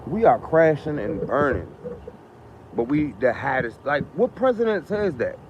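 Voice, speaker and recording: A man's voice: a little high, big pitch swings, measured pace. Fired-up man ranting on a stream. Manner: emphatic, repetitive, rhetorical questions, profane. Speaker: live streamer. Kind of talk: casual live-stream rant. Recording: muffled lo-fi sound with faint noise.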